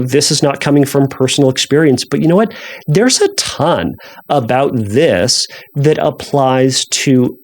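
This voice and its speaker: A man's voice: medium pitch, a little mellow. A man hosting a podcast solo, talking loosely and conversationally with many restarts, with self-deprecating humor. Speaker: podcast host. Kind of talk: casual solo podcast talk.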